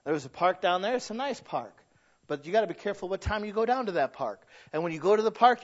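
A man preaching a sermon as pastor, dropping to a hush and then rising to loud, drawn-out declarations. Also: high-pitched. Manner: dynamic preaching, swinging from hushed to loud and drawn out. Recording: dull lo-fi sound.

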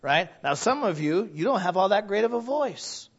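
A man preaching a sermon in a church, animated and quick to laugh as he talks to the congregation. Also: high voice, breathy edge, highs cut off. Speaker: pastor.

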